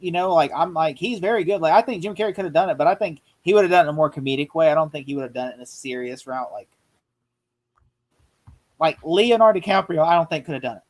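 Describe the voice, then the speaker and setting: A man co-hosting a casual movie review chat, rambling excitedly and acting out quotes. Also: on the high side, fast, rough recording. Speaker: podcast co-host.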